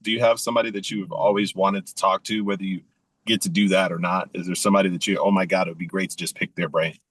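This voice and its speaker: Man panel interviewer, very low voice, thoughtful, unhurried questions, dry close sound. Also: flat delivery, fairly bright tone, husky, no room sound, low-quality recording.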